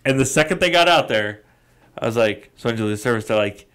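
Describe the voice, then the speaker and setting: A man co-hosting a podcast, lively and casual, acting out back-and-forth exchanges as he tells an anecdote. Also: mid-range voice, fast, clear, resonant tone. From Nevada. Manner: animated anecdote teller, acts out quoted exchanges. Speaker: podcast co-host. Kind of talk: casual chat.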